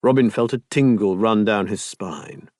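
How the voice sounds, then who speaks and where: A man narrating a romance audiobook in an expressive, intimate reading. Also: on the low side, a little slow, dry recording, studio quality.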